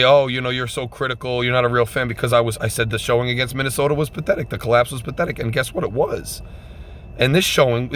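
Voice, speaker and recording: A man giving an emphatic, repetitive postgame rant as a fan vlogger, swinging between loud outbursts and subdued sadness. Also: medium pitch, a little hiss or hum.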